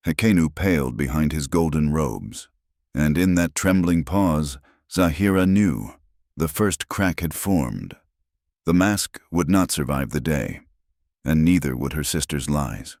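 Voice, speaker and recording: Male narrator, very low voice, dry close sound, dramatic measured storytelling. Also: expressive, gravelly, a little mellow, no echo.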